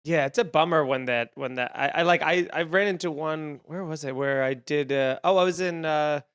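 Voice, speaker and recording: A man guesting on a comedy podcast, telling stories in an animated, playful way. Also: fairly high pitch, moderate pace, clear, resonant tone. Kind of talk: casual comedy podcast chat.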